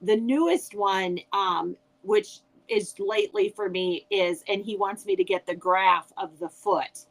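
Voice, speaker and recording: A woman's voice: medium pitch, lively intonation, unhurried, few pauses, low-quality recording. Chatty older woman telling family stories. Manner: chatty storyteller with frequent restarts. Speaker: guest author. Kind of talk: casual chat.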